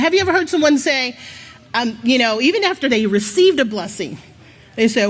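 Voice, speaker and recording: A woman's voice: very high voice, very animated, moderate pace, a bit bright. A woman giving a motivational sermon to a congregation, leading call-and-response and coaxing them to repeat after her. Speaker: church speaker. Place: large worship hall.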